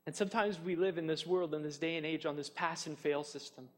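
A man preaching a sermon, animated and chatty, acting out taunts with fillers and restarts. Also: a little high, brisk, long reverb tail. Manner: animated, mocks enemies' taunts in a raised voice. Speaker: pastor.

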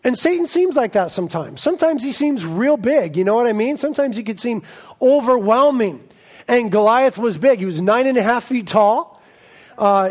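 High-voiced energetic male pastor. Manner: energetic, jokey, animated storytelling. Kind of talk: sermon.

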